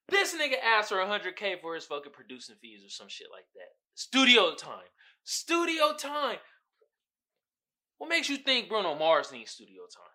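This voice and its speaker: A male podcast host talks in loose, profane solo commentary. His voice jumps around a lot in pitch and has a very bright, forceful edge. He laughs often as he goes. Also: huge pitch swings, a little fast, few pauses.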